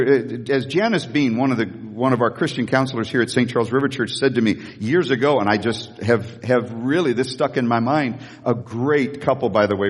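A man preaching a sermon as pastor, animated, acting out Bible scenes in a raised voice. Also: mid-range voice, breathy edge, long reverb tail.

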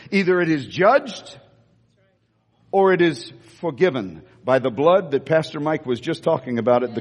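A man preaches in a church, his high voice leaping up and down as he hammers home repeated lines. His tone is a little husky, and long reverb trails each phrase through the hall. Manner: emphatic, repeats key lines, swings from slow stressed phrases to quick asides. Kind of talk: sermon.

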